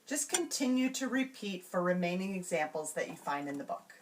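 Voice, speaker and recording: A woman calmly explaining classroom routines step by step, slowing down to sound out example words. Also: fairly low pitch, distant mic, slight background noise. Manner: clear, measured, slows to sound out example words. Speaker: teacher trainer. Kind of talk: instructional walkthrough.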